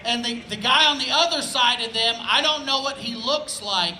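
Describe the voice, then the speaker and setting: A man's voice: very high voice, normal speed, sharp tone, roomy sound, a little hiss or hum, low-quality recording. A man from Indianapolis doing laid-back, conversational stand-up on an outdoor festival stage, often asking "right?". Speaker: stand-up comedian. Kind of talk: live stand-up comedy.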